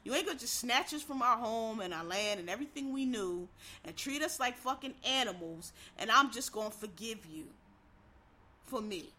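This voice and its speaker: Woman, blunt and profane, heated monologue to viewers, high and very bright voice. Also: lively intonation, normal speed.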